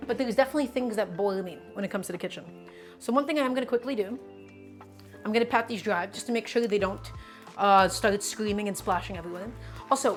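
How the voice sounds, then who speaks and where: A woman streamer teaching a cooking lesson live, chatty and emphatic, often addressing her chat directly. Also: on the high side.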